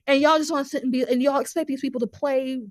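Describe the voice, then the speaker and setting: A woman's voice: high-pitched, steady tone, fast, dry recording, studio quality. A woman speaking as a podcast guest in casual conversation, passionate and emphatic, often repeating phrases as she builds a point.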